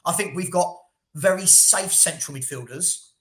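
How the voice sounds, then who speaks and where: A man's voice: a little high, moderate pace, fairly bright tone, reverberant. A man co-hosting a casual football debate, blunt and passionate, repeating himself when heated. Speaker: football podcast co-host.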